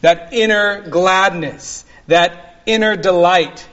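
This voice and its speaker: A man preaching an expository sermon as pastor, slow and earnest, dwelling on single words. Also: fairly high pitch, a bit bright, highs cut off.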